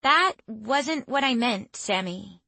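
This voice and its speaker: An excitable teenage girl, eager and bubbly, as a woman narrator puts her on. Her voice sits above the narration in pitch and comes across dry and close. It is an audiobook voice. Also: takes it slowly, vocal fry, no room sound, heavily acted. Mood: teasing.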